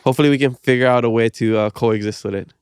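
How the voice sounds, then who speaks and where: A man's voice: medium pitch, fairly even intonation, quick pace, clean tone, no echo, clean studio sound. A man from Hawaii who hosts a podcast and talks in an easygoing, encouraging way, with lots of "you know". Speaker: podcast host. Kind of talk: casual interview chat.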